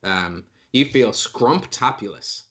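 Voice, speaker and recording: A man runs a tabletop game as its game master, narrating the scene in a playful way. He often breaks into laughter. His voice sits a little low. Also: animated, slow, fairly bright tone. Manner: playful, laughing, voices creatures in short bursts.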